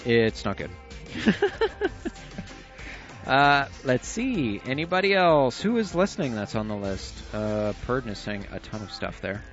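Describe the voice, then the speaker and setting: A man's voice: mid-range voice, very animated, normal speed, hardly any pauses, fairly bright tone. A man hosting an internet radio show, chatting loosely and joking, with casual swearing and frequent laughs. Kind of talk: casual chat. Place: small room at home with the window shut. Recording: dull lo-fi sound, faint music.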